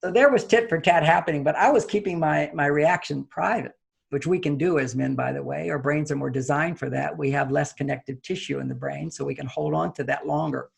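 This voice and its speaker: A relationship author appears as a guest, recounting a personal story and acting out his reactions with sudden, loud leaps upward in pitch. His voice is brisk and creaky with a breathy edge.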